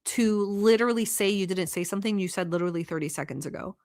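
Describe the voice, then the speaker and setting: Speaking a little fast in a lowish voice, this reaction-channel host from the Middle East sarcastically and animatedly comments on clips. She's blunt and swears often.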